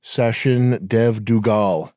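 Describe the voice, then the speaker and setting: Low-voiced, blunt man ranting. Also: steady tone, takes it slowly, a little mellow, no room sound, studio quality. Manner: blunt, crude ranting and reading posts aloud. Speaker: podcast co-host. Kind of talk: casual podcast chat.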